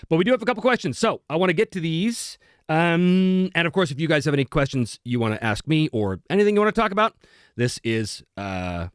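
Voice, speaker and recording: Animated male host chatting with viewers. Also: medium pitch, no echo, clean studio sound. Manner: animated, self-deprecating, chatty. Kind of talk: live stream Q&A chat.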